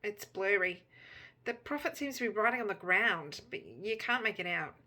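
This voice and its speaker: A woman narrates a Bible story in the second person, drawing the listener into the scene. Her voice is bright and clear. The delivery is intimate and immersive. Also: mid-range voice, animated, moderate pace. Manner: intimate, immersive, turns softer in quiet moments.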